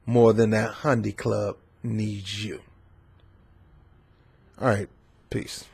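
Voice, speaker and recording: A man's voice: mid-range voice, a little mellow, slightly rough. A man hosting an opinion vlog who talks in a preachy, fired-up way and quotes scripture. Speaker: vlog host.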